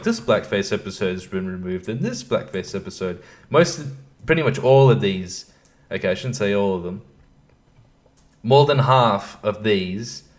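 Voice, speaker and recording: A man talks into his computer microphone at home, hosting a casual solo podcast. His voice sits on the lower side, and he rambles, breaks off mid-sentence and laughs at his own asides. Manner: rambling, self-interrupting, laughs at himself. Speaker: podcast host. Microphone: computer microphone at his desk.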